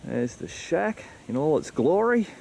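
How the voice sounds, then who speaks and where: A man's voice: a little high, very animated, measured pace, creaky, a little mellow, a little hiss or hum. An Australian man chatting casually to camera in a rambling vlog, just woken up and swearing mildly now and then. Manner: rambling, frequent mild swearing. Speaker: vlogger.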